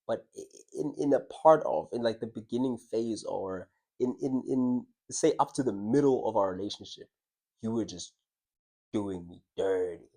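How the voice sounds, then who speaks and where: A man's voice: medium pitch, warm tone. A young man casually telling a personal story to his audience, reflective and conversational, often restarting his words and laughing. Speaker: vlogger.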